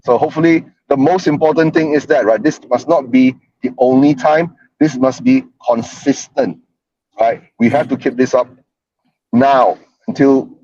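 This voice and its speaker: A man's voice: mid-range voice, darkish tone. A man hosting a casual live fan stream, rambling and tagging "right?" onto his sentences. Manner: rambling, peppers speech with "right?". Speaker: fan show host. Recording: dull lo-fi stream audio.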